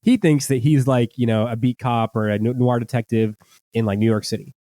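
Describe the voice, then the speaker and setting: Male co-host, quick rambling delivery, dry close-mic sound. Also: medium pitch, fairly even intonation, mellow, dry recording. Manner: rambling, frequent "like" fillers. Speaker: podcast co-host. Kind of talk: casual chat about a TV episode.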